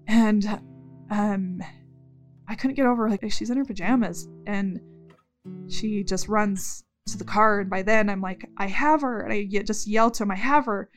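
A woman's voice: mid-range voice, normal speed, soft background music. A woman telling her story in an interview, acting out what she said in the moment. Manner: animated storytelling with quoted speech. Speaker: interviewee recounting events. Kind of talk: recorded interview recollection.

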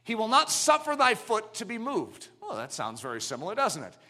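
A middle-aged man preaching a sermon, swinging from loud declarations down to hushed, low passages. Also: huge pitch swings, a little fast.

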